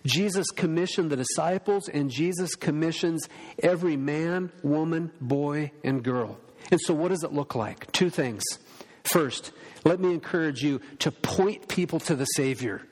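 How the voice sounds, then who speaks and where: A man's voice: a little high, unhurried. A male pastor preaching a sermon, earnest and storytelling, acting out the voices of people he quotes. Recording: long hall reverb.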